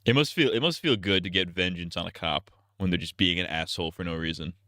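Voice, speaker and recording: Sarcastic male streamer, bright and dry. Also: deep voice, fast, no room sound. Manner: skeptical, sarcastic interjections. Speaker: streamer reacting to a video. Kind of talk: live-stream commentary.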